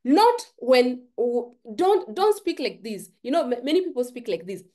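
Emphatic woman, slightly high voice. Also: big pitch swings, moderate pace, mellow. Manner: emphatic and preachy, repeats phrases for stress. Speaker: forex trading YouTuber. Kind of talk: motivational talk to camera.

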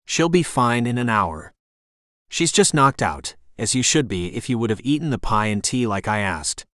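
A cold, scheming older woman killer, as a male narrator puts her on, sharp and bossy. Her lines move with a lively pitch in a dry, close recording. The audiobook tone stays taut and scornful. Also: moderate pace, no echo, close to an everyday voice.

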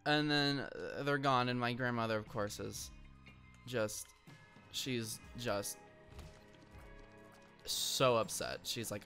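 A man's voice: mid-range voice, steady tone, a little slow, pauses often, pushed and bright, faint music behind. A young man hosting a gaming channel, telling a story in a rambling casual way with lots of ums while playing. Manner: rambling, frequent ums, bursts of frustration at the game. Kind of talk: casual gameplay commentary and storytelling. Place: at home.

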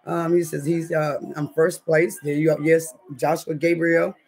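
A woman's voice: low voice, flat delivery, measured pace, darkish tone. A woman hosting a casual livestream from her home kitchen, chatting in slang with her viewers and reading the chat, her throat scratchy. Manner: chatty, slangy, keeps addressing viewers as y'all.

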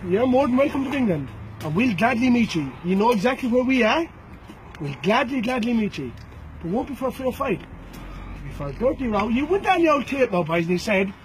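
High-voiced Irish man, taunting. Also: slight background noise, poor audio. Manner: taunting and threatening, repeats names and "boys" often. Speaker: bare-knuckle fighter. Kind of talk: recorded challenge to a rival.

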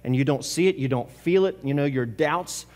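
During a church service, a male pastor preaches at a moderate pace in a high, reaching voice, repeating phrases insistently. He shifts abruptly between forceful, loud outbursts and almost hushed lines, all carried by the lingering echo of the sanctuary.

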